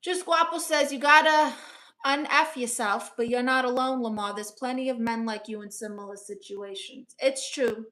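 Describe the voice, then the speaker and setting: A woman's voice: fairly high pitch, moderate pace, few pauses, fairly bright tone. A woman comedian hosting a casual live stream as a brash aunt, reading viewer comments and giving blunt, teasing advice. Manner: blunt, teasing, playfully sassy.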